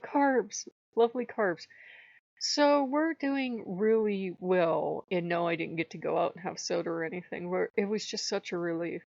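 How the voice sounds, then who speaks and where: A woman's voice: fairly low pitch, normal speed, vocal fry, dry recording. Chatty woman vlogger, giggly and playful, dry and slightly dull sound. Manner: chatty, laughs often, breaks into bright quoted voices. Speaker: video blogger. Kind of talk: casual chat.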